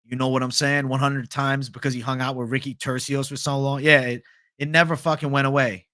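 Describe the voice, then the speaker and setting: A man's voice: mid-range voice, flat delivery, fairly quick, sharp tone. A young man hosting a casual livestream, swearing freely and reading viewer chat aloud. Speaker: livestream host.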